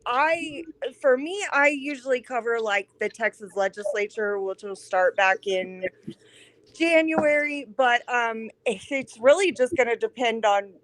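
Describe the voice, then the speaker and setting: A woman's voice: a little high, measured pace, dry recording. Give me a laughing, chatty woman guest on a video call. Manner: chatty, apologetic, laughs often. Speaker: guest, host of a politics show. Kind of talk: casual online show chat. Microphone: computer mic on a video call.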